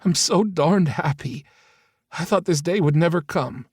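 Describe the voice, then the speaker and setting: A man voicing a doting older woman, a new grandmother, who coos and gushes in a slow, raised voice. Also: mid-range voice, big pitch swings, a little mellow, dry recording, studio quality, pitched above the performer's own voice. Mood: gushing. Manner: cooing, gushing.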